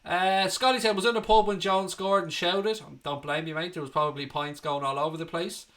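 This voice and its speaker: A fan channel host, chatting casually on a live stream. His voice is bright and forward and sits a little high for a man. He reads out viewer messages and answers them with cheeky banter and a bit of swearing. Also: steady tone, fairly quick. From Ireland. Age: 30s. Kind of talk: casual livestream chat.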